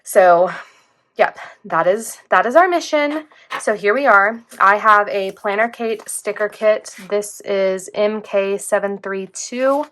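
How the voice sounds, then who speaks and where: In her vlog, a young woman rambles casually while she plans, saying "like" again and again. Her medium-pitched voice has a fairly bright tone, and she takes her time.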